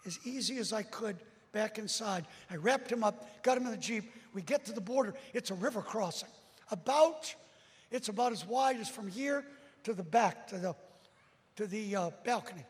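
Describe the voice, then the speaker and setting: A man preaching a storytelling sermon to a hall with a balcony, animated, speaking straight to the crowd and breaking into shouts. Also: sits high, moderate pace. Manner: animated, bursts into shouts, addresses folks directly. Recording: long hall reverb.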